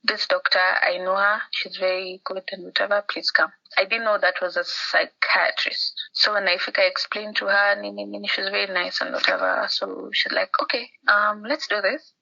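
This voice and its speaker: A Kenyan woman, guesting on a podcast by phone, spins an animated story in casual conversation, playing each person she quotes and mixing in Swahili. She speaks at a normal speed with hardly any pauses, her mid-range voice very bright and sharp with some vocal fry, slightly muffled over the line.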